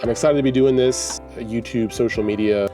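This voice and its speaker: A man's voice: medium pitch, steady tone, brisk, warm tone, soft background music. A man from Texas talking casually in a vlog, easygoing and self-deprecating, reading product notes aloud as he shops. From Texas, USA. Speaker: home coffee roaster vlogger.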